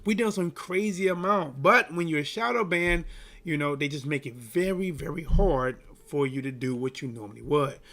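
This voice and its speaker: Animated male livestream sports host. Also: a little high, normal speed. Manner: animated, repetitive, hyping the chat. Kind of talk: casual live-stream chat.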